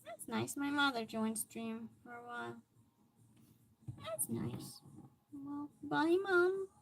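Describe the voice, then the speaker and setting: High-voiced, unhurried woman streamer. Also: lively intonation, background noise. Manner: chatty, reacting to chat comments aloud. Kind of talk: casual live-stream chat.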